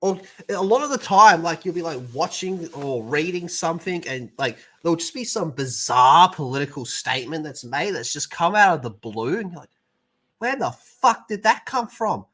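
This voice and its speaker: A man's voice: fairly high pitch, expressive, moderate pace, few pauses, a bit bright. A young man streaming, chatting and ranting in a casual, profane way.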